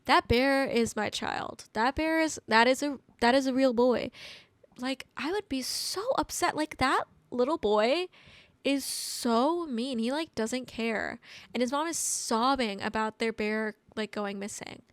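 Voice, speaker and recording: High-voiced chatty woman reviewing a movie. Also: a little slow, no echo. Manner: chatty, rambling, heavy use of "like"; animated, exclamatory asides. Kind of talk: casual movie recap and review.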